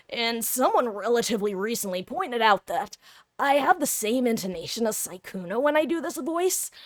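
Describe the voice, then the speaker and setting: A woman voicing an upbeat young male anime protagonist in an eager, bright delivery. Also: a little high, no echo, clean studio sound.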